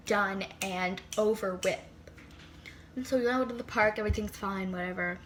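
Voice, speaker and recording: Recorded on a phone with a little hiss or hum, a teen girl tells a storytime vlog in a fairly high voice, talking a little fast. She's chatty, full of "like," with dramatic whispered comments thrown in.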